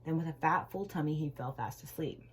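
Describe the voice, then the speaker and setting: A woman reading a children's storybook aloud with gentle, expressive storytelling. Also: low voice, a little fast, slight background noise, low-quality recording.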